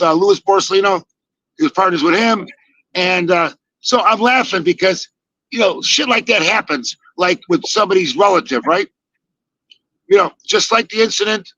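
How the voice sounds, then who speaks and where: A man in his sixties telling a casual story, acting out the quoted lines with lively energy and casual swearing. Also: sits high, no echo, muffled recording. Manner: animated, acts out quoted dialogue, swears casually. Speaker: podcast guest telling stories.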